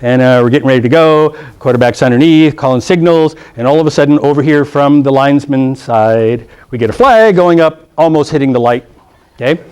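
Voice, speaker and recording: A middle-aged man, mid-range voice, smooth and darkish, a bit quick, teaches a rules class to football officials in a meeting room. His anecdote-filled lecture is blunt and joking, punctuated by "okay?", with coaches' lines acted out in comic voices.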